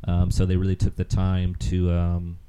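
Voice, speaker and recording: A man's voice: low voice, monotone, normal speed, dark tone, clean tone. A man co-hosting a casual chat, rambling through an anecdote with lots of ums and easy laughs. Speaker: podcast co-host.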